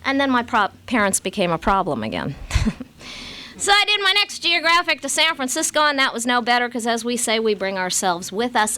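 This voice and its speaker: A woman's voice: fairly high pitch, bright, forceful tone. A woman from Los Angeles telling her own story as a recovery meeting speaker, with wry, self-mocking humor. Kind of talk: personal storytelling talk to a live audience.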